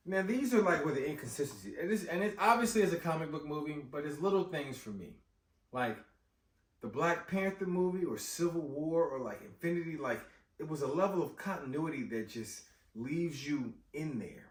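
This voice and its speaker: A man recapping a film in an excited, slangy chat, his pitch bouncing high and low as he exclaims. His voice sits a little above average. The room is echoey and the mic is some distance away. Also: normal speed. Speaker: movie recap host. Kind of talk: casual movie recap chat. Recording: roomy echo, distant mic.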